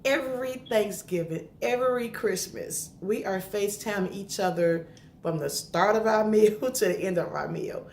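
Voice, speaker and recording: A woman's voice: mid-range voice, measured pace, darkish tone. A middle-aged woman talking earnestly and emotionally to camera at home, giving heartfelt, conversational advice. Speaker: vlogger giving grief advice. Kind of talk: casual heartfelt talk to camera. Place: home indoors. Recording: echoey room, faint background noise.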